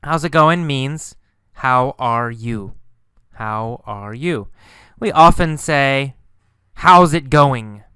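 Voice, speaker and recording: Male teacher, very slow and deliberate, bright crisp tone, dry close mic. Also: medium pitch, no room sound. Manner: slow, emphatic, repeats key words. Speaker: English teacher. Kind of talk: slow English lesson narration.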